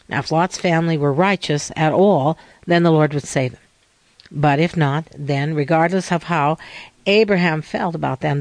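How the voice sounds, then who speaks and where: A man giving a sermon-style scripture lesson in a measured, earnest way, asking rhetorical questions. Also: on the high side, no room sound. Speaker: religious teacher.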